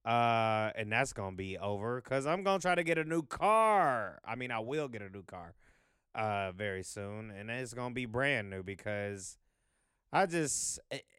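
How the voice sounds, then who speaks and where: A man's voice: medium pitch, sing-song, moderate pace, a bit bright, clean tone, dry recording, studio quality. A man hosting a vlog, talking in a loose, profane, rambling monologue full of fillers. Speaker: vlog host.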